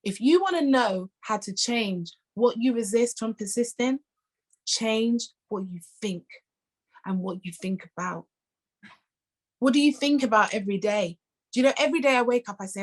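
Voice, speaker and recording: A woman's voice: on the high side, normal speed. A woman giving a playful motivational talk on a video call, laughing often and repeating affirmations. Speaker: host of weekly online meeting.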